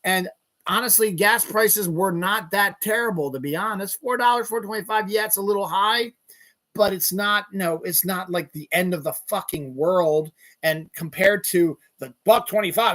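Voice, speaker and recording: Profane ranting man, bright voice. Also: high-pitched, normal speed. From Eastern United States. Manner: profane, angry ranting with sudden yelling. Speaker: podcast host. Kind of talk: solo rant.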